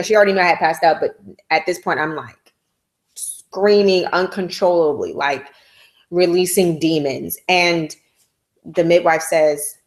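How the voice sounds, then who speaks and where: Woman vlogger, low pitch, unhurried, frank and emotional storyteller. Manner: candid, emotional, slangy, drawn out. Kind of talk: casual personal storytelling.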